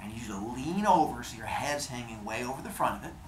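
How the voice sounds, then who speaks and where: A man's voice: animated, fast talker, recorded from a distance, noisy background, close to an everyday voice. A man voicing Hephaestus, an eager young smith god, in a raised, chipper voice. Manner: chipper, higher-pitched. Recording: roomy echo.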